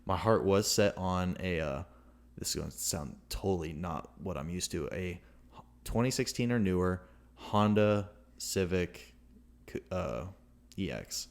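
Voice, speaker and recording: This young man, a podcast co-host, rambles through a lengthy story with lots of restarts, animated and casual. His voice is low-pitched and gravelly, and he speaks a little slowly.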